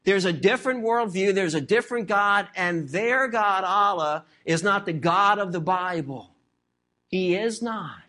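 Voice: medium pitch, measured pace, sharp tone. A pastor preaching a sermon emphatically, repeating key phrases and asking the congregation rhetorical questions.

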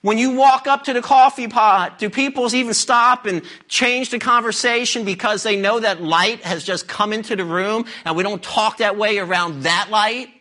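A man's voice: sits high, moderate pace, few pauses, sharp tone. A man preaching a sermon, emphatic and questioning the congregation directly. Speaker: pastor.

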